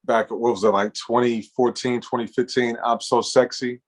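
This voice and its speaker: A man's voice: mid-range voice, flat delivery, moderate pace. A man from Los Angeles, co-hosting a casual podcast, laid-back and hesitant as he searches for words. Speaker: podcast co-host.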